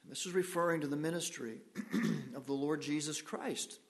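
A man's voice: on the high side, moderate pace. Man preaching a sermon, questioning his listeners. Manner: asks the congregation questions, swings between loud emphasis and quiet. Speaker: pastor.

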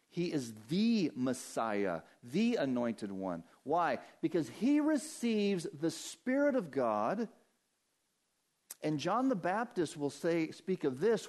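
A male pastor delivers a sermon with a slightly high voice. He builds to emphatic, forceful peaks. Then he sinks into hushed, low stretches. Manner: dynamic preaching, rising emphatic peaks and hushed low drops.

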